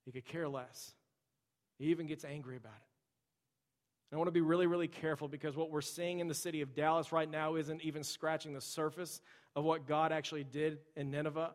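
A man in his thirties preaching a sermon, talking in a relaxed, storytelling way to his congregation. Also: fairly high pitch. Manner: conversational, storytelling, addresses the congregation directly. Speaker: pastor. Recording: long reverb of a large hall.

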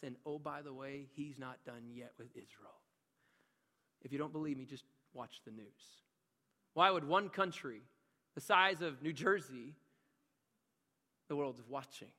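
A man preaching a sermon as pastor, passionate and conversational, dropping to hushed asides and climbing to loud emphatic peaks. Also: medium pitch, normal speed, gravelly, long pauses. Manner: conversational, with frequent filler asides. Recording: long reverb of a large hall.

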